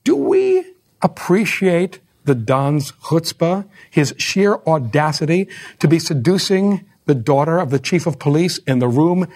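A man's voice: on the high side, darkish tone. A man giving a lecture on opera, explaining scenes in a wry, conversational way with ironic asides.

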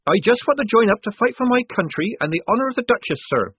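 Give me an earnest young woman recruit in disguise, as a male narrator puts her on, high and husky, dry tinny sound. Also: expressive, quick pace, no room sound, heavily acted. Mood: nervous. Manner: earnest, nervous, clipped replies. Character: eager young woman posing as a boy recruit.

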